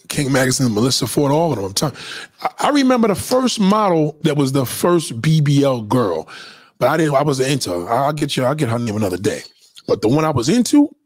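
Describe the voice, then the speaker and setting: A man's voice: mid-range voice, slightly rough, no room sound. A man hosting a podcast, telling loose, profane stories and reacting to live comments in casual chat. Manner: loose, profane storytelling, lots of restarts. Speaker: podcast host.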